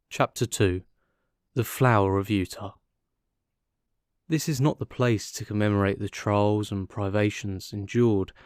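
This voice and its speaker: Low-voiced man reading aloud. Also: vocal fry, darkish tone, no echo, studio quality. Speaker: audiobook narrator. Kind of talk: scripted narration.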